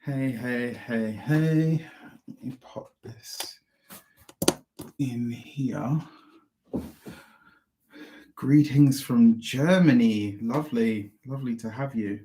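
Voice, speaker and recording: A man's voice: mid-range voice, drawn-out words, pauses often, dark tone, a little hiss or hum. A man, an astrologer, chatting effusively with viewers on a live stream through a small clip-on mic. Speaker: astrologer and tarot reader. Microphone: small clip-on microphone.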